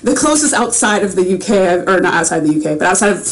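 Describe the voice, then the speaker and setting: A woman's voice: medium pitch, lively intonation, quick pace, low-quality recording. A young woman chatting casually on a livestream while signing autographs, rambling and self-aware.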